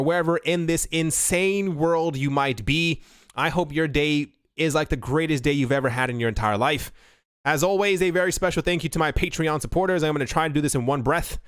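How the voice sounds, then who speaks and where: Male host, talky and rambling, fairly high, smooth clean tone. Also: fairly bright tone, dry recording, studio quality. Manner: chatty, rambling asides with fillers. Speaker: crypto news host. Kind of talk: casual commentary.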